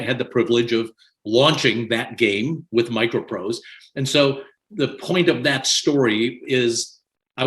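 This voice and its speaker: An older man sits in as a guest, telling his stories in a lively, animated way and breaking into laughter as he goes. His voice sits at an everyday, middle pitch. He talks in a loose, conversational style. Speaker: podcast guest. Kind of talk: conversational storytelling.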